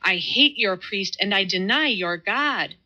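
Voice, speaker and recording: Lady narrator doing a stubborn young atheist guy, slow and vehement, bright voice, muffled audio. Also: mid-range voice, lively intonation. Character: fierce stubborn young atheist man in disguise.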